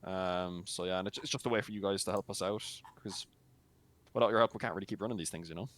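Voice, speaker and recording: A man's voice: sits low, fairly even intonation, fast talker, a bit bright. A man co-casting a match, giving blunt, teasing post-match commentary with lots of fillers. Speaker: esports co-caster and league admin.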